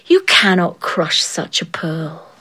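A woman voicing a wise king who speaks in a calm, coaxing way in a told folk tale. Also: lowish voice, takes it slowly, breathy edge, voice pushed down, full character voice.

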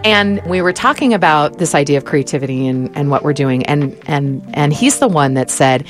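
Chatty low-voiced woman podcast host. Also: moderate pace, faint music behind. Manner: chatty, laughs often, acts out quoted voices. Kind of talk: casual chat.

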